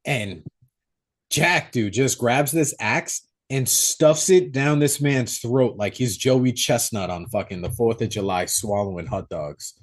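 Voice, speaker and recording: A young man co-hosting a podcast, recapping a horror movie in a profane, animated way. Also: mid-range voice, unhurried. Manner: profane, animated storytelling with acted-out quotes. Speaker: podcast co-host. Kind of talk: casual movie recap chat.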